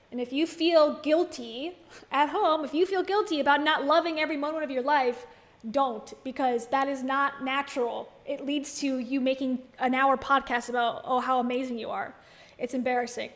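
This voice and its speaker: A woman giving casual, sarcastic, playful commentary as a YouTuber. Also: high voice.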